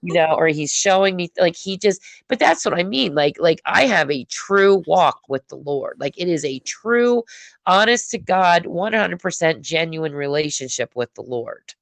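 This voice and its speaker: A woman hosting a casual conversation about faith, telling stories with lively acted-out asides. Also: on the low side, normal speed, creaky, dry recording. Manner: animated storyteller, acts out her own prayers. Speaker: podcast host.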